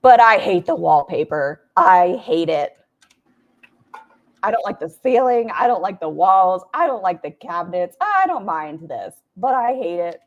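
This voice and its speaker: A woman talks over clips in a lowish voice, blunt and mocking. Her commentary is casual and full of swearing and sarcastic asides. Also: animated, measured pace, highs cut off. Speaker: commentary streamer reacting to clips.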